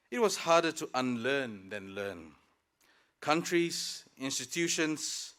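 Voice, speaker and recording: The graduating student speaker, a Malaysian man with a mid-range, fairly bright voice, delivers a convocation speech in a ceremony hall. He reflects on the past with his classmates while adding a bit of humor.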